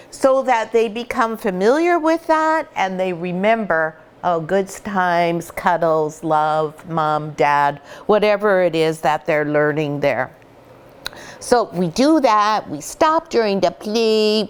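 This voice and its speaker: Brief: woman breeder, mid-pitched, talking through puppy playtime tips in a chatty, hands-on way. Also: smooth. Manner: chatty, explains step by step while playing with puppies. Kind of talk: instructional puppy-raising video. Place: indoor puppy play room.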